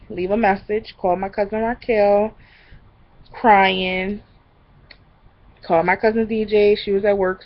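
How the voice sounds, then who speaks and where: A young woman vlogger casually telling a story, acting out the people in it with lively voices. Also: mid-range voice, highs cut off. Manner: animated, acts out the people in the story.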